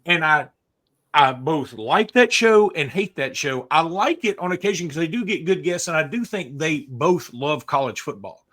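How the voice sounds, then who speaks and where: A man co-hosting a college football podcast, talking in a rambling, animated way with many restarts. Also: on the high side, moderate pace. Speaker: sports podcast co-host. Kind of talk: casual sports chat.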